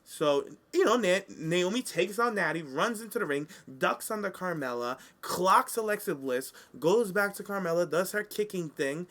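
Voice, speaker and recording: Casting note: male co-host, bright and forceful tone, sassy and animated storytelling. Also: high voice, normal speed, few pauses. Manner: animated, sassy, acts out quotes. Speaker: podcast co-host. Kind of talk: casual chat recapping wrestling.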